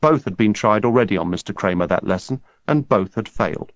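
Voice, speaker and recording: A man narrating an audiobook in a measured, steady storytelling manner. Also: lowish voice, dry recording. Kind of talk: scripted narration. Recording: dull lo-fi dry recording.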